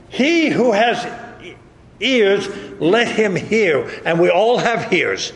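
Male pastor, high and animated, delivering an emphatic sermon in a big echoey church hall. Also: slow. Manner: emphatic, repeats rhetorical questions. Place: church sanctuary. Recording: echoey hall with long reverb.

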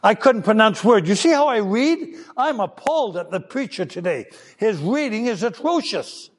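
A man's voice: high-pitched, normal speed, in a large hall, slight background noise. An older man preaching a children's sermon, telling stories and acting out voices. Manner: animated storytelling, acting out voices.

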